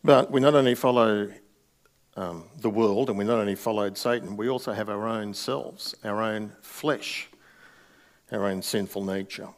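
A man's voice: lowish voice, steady tone, normal speed. A middle-aged male pastor preaching a sermon in a conversational way, with wry asides.

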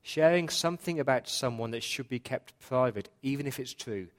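A man's voice: medium pitch, normal speed. A male pastor giving a sermon in church, earnest and repeating key points for emphasis.

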